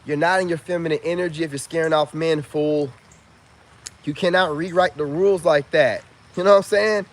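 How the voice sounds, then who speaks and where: Loose-talking mocking man with bright pitch. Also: steady tone, a little fast. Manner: loose, mocking, lots of filler phrases. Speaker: online commentator. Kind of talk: casual rant to camera.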